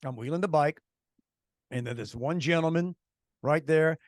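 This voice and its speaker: A man's voice: fairly high pitch, normal speed, no echo, studio quality. A man co-hosting a radio talk show, telling stories animatedly with heavy sarcasm and many restarts. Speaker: radio co-host. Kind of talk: casual radio chat.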